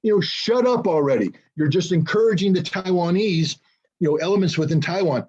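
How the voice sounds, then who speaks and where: Older male guest, blunt and sarcastic, slightly high, husky, dull remote sound. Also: fairly quick, darkish tone. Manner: blunt, sarcastic, many ums and restarts. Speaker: interview guest. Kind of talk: political commentary interview.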